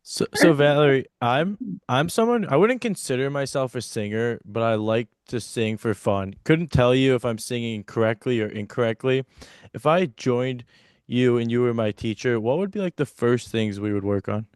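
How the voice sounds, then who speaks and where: A man's voice: medium pitch, moderate pace, smooth, no echo, clean studio sound. A man hosting a podcast, asking casual, curious questions. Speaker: podcast host. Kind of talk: podcast interview.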